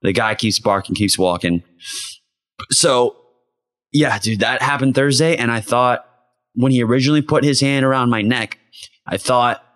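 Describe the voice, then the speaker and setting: A young man co-hosts a podcast, telling stories in a low drawl during casual chat and swearing freely. He speaks at a moderate pace with long pauses, and his voice is a bit bright.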